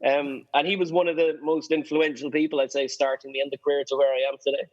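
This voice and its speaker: An Irish man, a guest on a podcast, telling stories in a casual, lively way and acting out the voices of people he quotes. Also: fairly high pitch, fast, muffled recording. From Ireland. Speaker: guest, sailing photographer.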